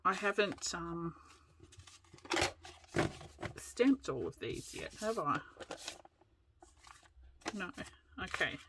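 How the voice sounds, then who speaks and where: A woman's voice: lowish voice, big pitch swings, drawn-out words, pauses often, background noise. An Australian woman hosting a casual crafting vlog, telling rambling stories and laughing often. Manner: rambling storyteller, laughs a lot. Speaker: crafting channel host.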